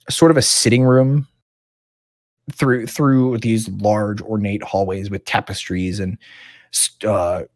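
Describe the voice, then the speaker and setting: A man running a tabletop game, describing the scene in a loose, casual way with lots of "um"s. His voice is low and somewhat husky, recorded close and dry. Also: dry recording. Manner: casual, with many "um"s. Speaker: dungeon master.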